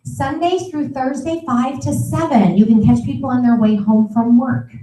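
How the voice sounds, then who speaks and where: A middle-aged woman coaching with a bright, peppy energy, her voice sitting a little high and warm in tone. She sounds some distance from the mic in a roomy, echoey space. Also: moderate pace. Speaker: sales trainer. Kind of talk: live training talk. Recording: echoey room, voice from far off the mic.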